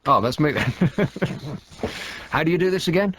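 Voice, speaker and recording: A man's voice: fairly high pitch, animated, measured pace, a bit bright, no echo. A man hosting a late-night radio phone-in, talking in a dry, sarcastic, rambling way. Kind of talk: casual radio chat. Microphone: studio microphone.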